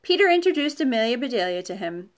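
A woman's voice: fairly high pitch, big pitch swings, fast. A woman reading a children's storybook aloud, with chatty asides to the young listeners.

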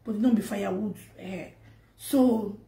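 A woman's voice: mid-range voice, measured pace, creaky, mellow. A Nigerian woman on social media, ranting to camera in an emphatic, scolding way that repeats itself. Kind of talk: direct-to-camera rant. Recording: echoey room.

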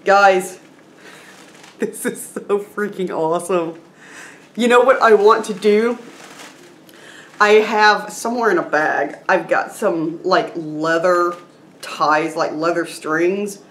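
A woman's voice: fairly low pitch, slow, pauses often, fairly bright tone, reverberant, slight background noise. A woman vlogging casually at home, gushing and laughing often, a little teary. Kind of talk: casual vlog chat. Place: room at home with a noisy chair.

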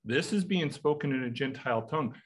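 A man's voice: mid-range voice, lively intonation, fairly quick, slightly rough. An American man teaching a Bible study in a conversational way, asking his listeners rhetorical questions. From United States.

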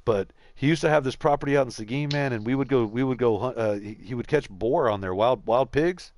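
A man from San Antonio, Texas streams a game and tells long, meandering, profane stories in casual chat, swearing often. His medium-pitched voice is darkish and a little fast, captured in a dry recording.

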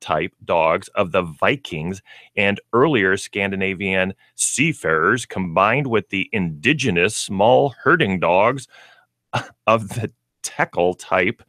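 A man co-hosting a casual pet radio show, reading aloud haltingly and stumbling over hard words. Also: deep voice, lively intonation, bright, forceful tone, no room sound, studio quality. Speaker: co-host, pet store representative.

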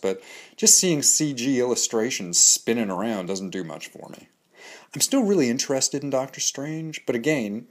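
Male host, mid-pitched, scripted review monologue, candid, opinionated, dry humor. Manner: candid, opinionated, dryly joking. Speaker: host of a comics analysis show.

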